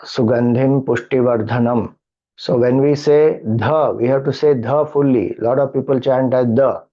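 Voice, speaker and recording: A man's voice: medium pitch, steady tone, moderate pace, lo-fi sound. A man with an Indian English accent patiently explaining a Vedic mantra and how to chant it. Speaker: spiritual teacher.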